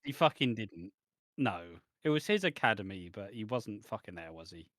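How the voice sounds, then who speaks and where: A man's voice: lowish voice, big pitch swings, moderate pace, a bit bright, no echo, clean studio sound. A man co-hosting a wrestling podcast in blunt, sardonic, profane chat. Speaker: podcast co-host. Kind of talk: casual chat.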